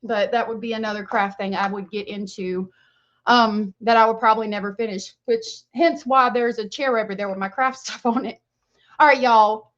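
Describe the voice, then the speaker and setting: A woman's voice: on the high side, fairly even intonation, moderate pace, fairly bright tone, lo-fi sound. A woman hosting a livestream, chatting casually and gushing as she greets viewers by name. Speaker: livestream host. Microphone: webcam mic.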